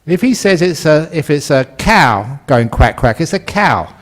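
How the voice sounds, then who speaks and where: A British monk in his sixties tells a story in a dharma talk, slow and unhurried. His voice sits a little high, and he acts out the voices and laughs at his own jokes. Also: big pitch swings.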